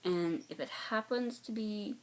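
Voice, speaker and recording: A woman who makes cross-stitch videos chats casually to camera, rambling with lots of fillers and restarts in a light Southern accent from North Carolina. Her voice is medium-pitched and a little mellow, and she talks a little slowly. It is a low-quality recording with slight background noise.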